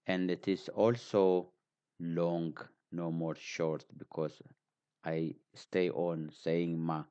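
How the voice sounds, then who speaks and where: Slow, very deep-voiced man teaching. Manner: patient, repeats example words, frequent fillers. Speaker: language teacher. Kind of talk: slow spoken lesson. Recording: dull lo-fi recording.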